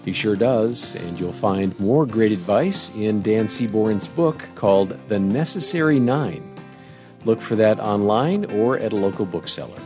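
A man's voice: fairly low pitch, expressive, a little slow. A man co-hosting a radio show, delivering a polished, scripted outro. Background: music bed.

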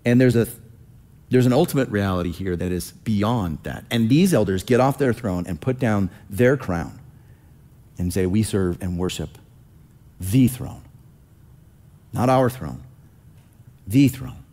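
A man preaching a sermon, reading scripture slowly and asking the congregation rhetorical questions. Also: lowish voice, expressive, warm tone. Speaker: pastor.

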